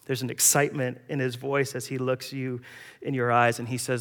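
Guy preaching, acts out the voices in his story, middle pitch, long echo of a church hall. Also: flat delivery, a little fast, fairly bright tone. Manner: dramatic storytelling, acting out quoted voices. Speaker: pastor. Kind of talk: sermon.

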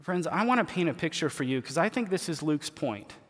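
A man preaching a sermon as pastor, folksy and colloquial, moving between quiet asides and loud emphatic lines. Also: on the high side, lively intonation, a little fast. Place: church sanctuary. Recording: long hall reverb.

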